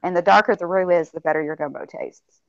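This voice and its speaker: A woman with a Southern US accent chatting casually, animated and drawling, calling people honey. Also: on the low side, quick pace, creaky, no echo. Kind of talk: casual chat. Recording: dry, lo-fi stream audio.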